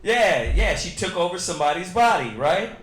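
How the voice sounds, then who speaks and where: A man's voice: high voice, very animated, moderate pace, echoey room, a crowd in the background. A man teaching scripture in a loose, joking way, with street slang. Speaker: Bible study teacher.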